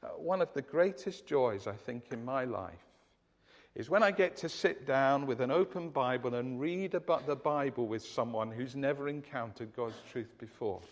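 A man's voice: medium pitch, moderate pace, long reverb tail. A man from the UK preaching a sermon in an earnest, emphatic way, often restarting his phrases. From United Kingdom.

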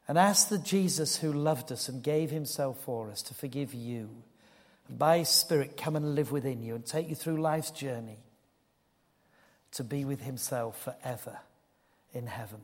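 An older man preaching a sermon, telling a personal story earnestly and dropping to a hushed tone for solemn moments. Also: mid-range voice, a little slow. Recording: long hall reverb.

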